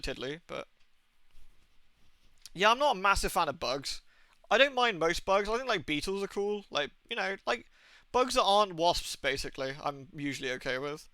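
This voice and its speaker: A man's voice: on the high side, sharp tone, clear, resonant tone, dry recording. A British man in his thirties streaming a game, chatting casually and telling rambling stories with casual swearing. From Britain. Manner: rambling, anecdotal, swears freely. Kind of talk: casual gaming stream chat.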